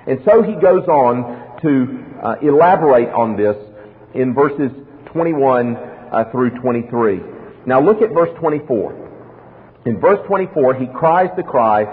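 A man's voice: on the high side, expressive, unhurried. A male pastor preaching an expository sermon, asking rhetorical questions and acting out little dialogues. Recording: tinny lo-fi sermon recording in a reverberant hall.

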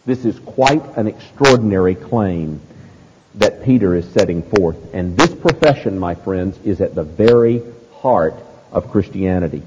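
Man, pastor, expository sermon, emphatic and deliberate, long reverb, loud hiss. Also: low-pitched, animated, lo-fi sound.

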